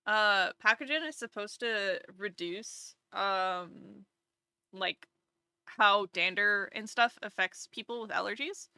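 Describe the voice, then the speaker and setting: A woman's voice: mid-range voice, slow pace, sharp tone, clean tone, dry recording, clean studio sound. A woman streamer chatting casually on a live stream at home, rambling and chatty, with many restarts.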